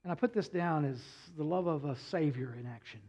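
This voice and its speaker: A man preaches with a high-pitched voice, dropping low and quiet, then building to loud bursts. He fills his pauses with "uh". The sound is dull and lo-fi, like an old church recording. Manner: preaching with swings from quiet to loud, frequent "uh" fillers. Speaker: pastor. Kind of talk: sermon.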